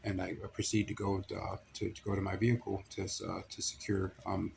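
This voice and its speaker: A man giving a halting personal account of an incident, full of fillers and restarts, in stiff formal wording. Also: low voice, flat delivery, vocal fry, background noise.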